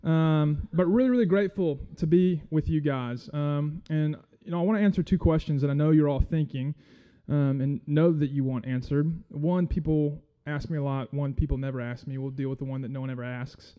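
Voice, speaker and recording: Halting, self-deprecating male preacher. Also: fairly high pitch, clear, resonant tone, phone-quality sound. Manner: friendly, self-deprecating, halting with many fillers. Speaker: guest church speaker. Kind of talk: casual sermon.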